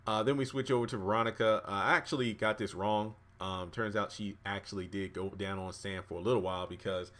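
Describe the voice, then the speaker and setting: Man, lowish voice, casual TV recap, chatty, lots of ums and uhs. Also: a little fast, few pauses. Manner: relaxed, chatty, acts out dialogue with many fillers. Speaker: YouTube TV reviewer.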